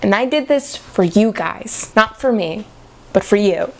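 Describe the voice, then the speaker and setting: A young woman in a casual vlog, ranting about a movie in a sarcastic, dramatic way, her pitch often jumping up for emphasis. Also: unhurried. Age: young adult. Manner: animated, with sudden jumps in pitch. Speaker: vlogger.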